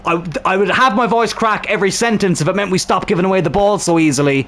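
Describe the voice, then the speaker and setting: Quick-paced and high-pitched, a young man swears at the screen while excitedly commentating on his own football video game match, his throat sounding strained.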